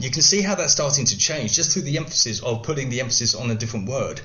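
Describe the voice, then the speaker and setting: A man's voice: mid-range voice, animated, fast, sharp tone. A middle-aged man, a guest video coach, explaining things in a podcast interview with many examples and frequent restarts.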